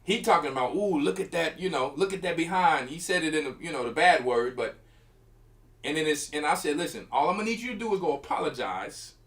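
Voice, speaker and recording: Animated man telling a story. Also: a little high, fairly quick. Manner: animated, acts out quotes and punches with sound effects. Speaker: church elder. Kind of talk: storytelling in casual talk.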